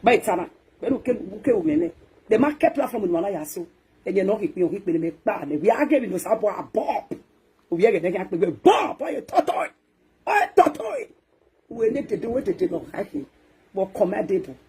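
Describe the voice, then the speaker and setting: This Nigerian-accented female talk show host on social media delivers a ranting scolding that moves between loud outbursts and quiet muttering. Her medium-pitched, slightly rough voice takes big pitch swings at a moderate pace.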